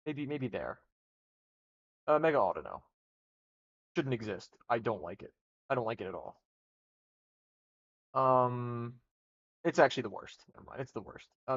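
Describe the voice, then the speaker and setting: A young man streaming live, talking casually and rambling through rankings with restarts and swearing. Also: mid-range voice. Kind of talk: casual livestream commentary. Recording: dull lo-fi stream audio.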